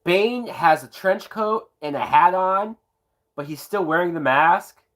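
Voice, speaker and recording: A man's voice: high-pitched, expressive, a little slow, fairly bright tone. A tipsy man giving sarcastic, profanity-laced live commentary while watching a movie, breaking into whooping laughs. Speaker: movie reviewer.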